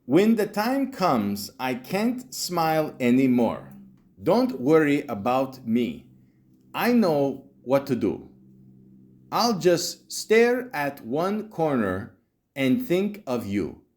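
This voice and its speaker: A man voicing an adult woman online scammer with an exaggerated put-on accent, reading her words slowly and haltingly. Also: a little high, huge pitch swings, darkish tone, exaggerated voice. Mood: mocking.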